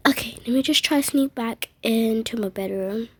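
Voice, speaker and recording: A woman's voice: fairly high pitch, moderate pace, slightly rough, no echo. A woman casually narrating her own toy role-play in a chatty way.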